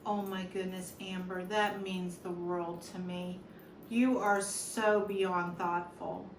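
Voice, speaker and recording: This woman talks slowly in a lowish voice with little change in pitch, chatting casually as she unboxes a present for her YouTube channel. Gushing throughout, she frequently gasps and exclaims, and at moments she's teary and sniffling. Her mic is distant, the room sounds roomy, and faint noise lingers behind her.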